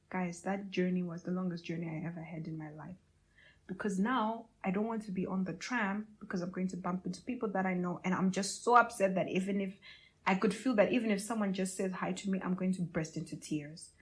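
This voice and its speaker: A young woman podcast host telling a candid, emotional personal story to her listeners, with many fillers. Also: medium pitch.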